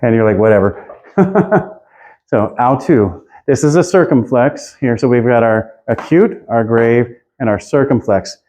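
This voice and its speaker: Mellow-voiced man teaching a casual class. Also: medium pitch, expressive, measured pace. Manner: loose and chatty, loses his notes, laughs often.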